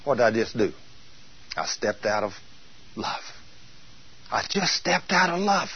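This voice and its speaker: A male preacher giving an emphatic sermon, drawing out scripture quotes slowly for weight. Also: mid-range voice, sing-song, husky, dull audio.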